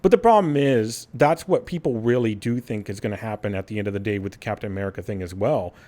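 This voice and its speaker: A man's voice: lowish voice, fast talker, warm tone. A man hosting a gaming podcast in casual chat. He laughs often and acts out quotes in silly voices. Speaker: podcast host.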